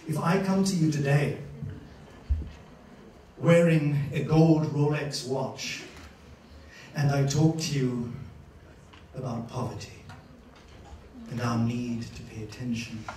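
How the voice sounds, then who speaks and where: A man giving a master-class lecture to students, an animated storyteller who acts out scenes and laughs often. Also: mid-range voice, takes it slowly, long pauses, a little hiss or hum. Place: university lecture room. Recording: echoey hall, distant mic.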